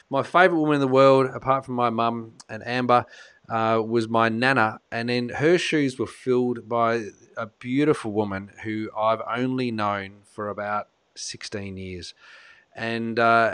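Man, co-host, smooth resonant voice, excitable, dry close sound. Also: medium pitch, dry recording. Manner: effusive, emotional, excitable. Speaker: co-host, wellness expert. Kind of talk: interview show co-hosting.

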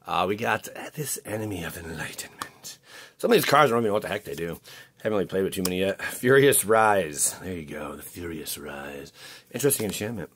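A man with a low, somewhat bright, expressive voice talks fast while opening card packs for his channel. As host, he chats casually and rambles, restarting often, and his voice cracks.

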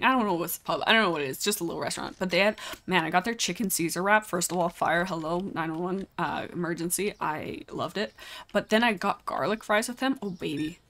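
A woman's voice: fairly low pitch, a bit bright. A young adult woman chatting casually through a live game stream, exclaiming often and talking straight to her viewers.

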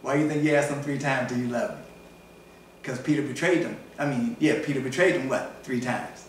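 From a distance in an echoey church sanctuary, a pastor delivers an animated sermon, voicing the characters in his stories as he tells them. He speaks at a medium pitch and fairly quick pace, with a little hiss or hum on the recording.

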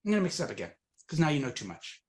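A man's voice: a little high, big pitch swings, very fast. A man performing comic magic patter for a live audience, swinging from very serious to absurd, with teasing asides.

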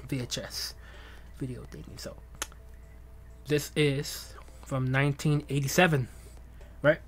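A young man with a slightly high voice hosts his own livestream, rambling loosely and cracking himself up. His casual chat is full of jokes and drawn-out repetitions. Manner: rambling, joking, laughs often, drawn-out bits. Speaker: livestream host.

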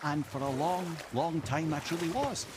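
A man's voice: on the high side, normal speed, natural voice. An actor playing a sly, worldly older male storyteller who tells tales with dry, wry asides, heard as game audio under noisy ambience.

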